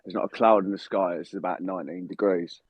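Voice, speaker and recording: A man's voice: sits low, a little fast, breathy edge, no echo, muffled recording. A man, telling a story in casual chat over a call from outside in his garden, swearing a lot. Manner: animated storytelling with heavy swearing. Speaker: footballer calling in. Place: outdoors in a garden.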